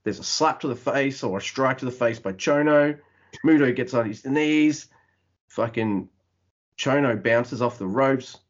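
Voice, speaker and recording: A man co-hosting a wrestling podcast, recapping a match in excited, profane casual chat. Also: mid-range voice, lo-fi sound. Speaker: podcast co-host.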